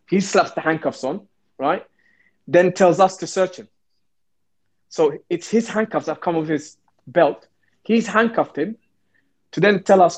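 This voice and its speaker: This man, once a police officer, has a slightly high voice and a moderate pace. Telling a story during an interview, he animatedly performs the quoted voices.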